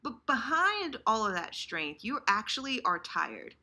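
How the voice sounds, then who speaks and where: Lively, bright-voiced woman host. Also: on the high side, measured pace. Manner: animated, acts out inner voices, lots of restarts. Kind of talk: casual chat about fandom.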